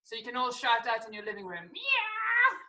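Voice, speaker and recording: A children's acrobatics teacher with a high, bright voice coaches kids fast and encouragingly in an online movement class. She counts, calls out moves, and makes animal sounds from a room at home on video. The recording is echoey and she's far from the mic.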